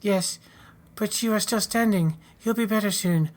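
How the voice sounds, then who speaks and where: A man plays a hurt pioneer mother with a British accent, comforting and brave even while bleeding. Her voice sits higher than his usual one and stays soft and earnest. It is spoken over a video game. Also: moderate pace, natural voice. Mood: soothing. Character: wounded frontier mother, British-accented, tender.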